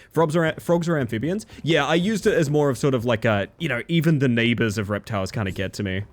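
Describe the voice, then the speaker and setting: Lively, rambling male streamer. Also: mid-range voice, fast. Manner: chatty, rambling, animated. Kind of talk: casual chat while gaming.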